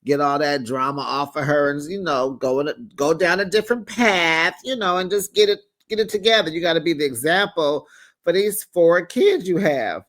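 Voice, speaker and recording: A man's voice: on the high side, moderate pace, a bit bright. A man giving a casual, gossipy reality TV recap, sassy and laughing as he calls viewers honey and child. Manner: laughs often while telling the story.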